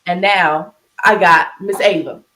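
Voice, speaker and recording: A woman's voice: fairly low pitch, fairly even intonation, measured pace, a bit bright, low-quality recording. A woman speaks earnestly and openly about something painful, her voice close to tears. She talks with restarts and fillers while she cooks, heard over a video call. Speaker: podcast co-host. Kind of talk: emotional personal talk.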